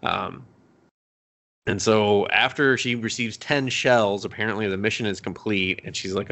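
A man's voice: on the low side, moderate pace, a bit bright. A young man co-hosting a podcast, casually recapping an anime episode in a rambling, profane way, laughing often. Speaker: podcast co-host.

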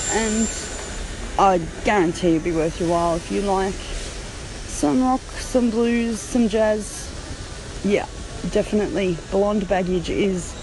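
A woman's voice: medium pitch, noisy background. An Australian woman hosting a podcast, talking casually with a chatty, laughing manner, recorded on a phone while riding a train. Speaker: podcast host. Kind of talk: casual voice-note chat.

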